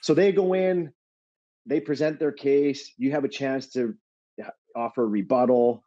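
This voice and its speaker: A middle-aged man, a former pro athlete, chatting as a podcast guest and telling an animated anecdote, laughing often and swearing now and then. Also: mid-range voice, a little slow. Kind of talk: casual chat, storytelling. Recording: slightly dull lo-fi audio.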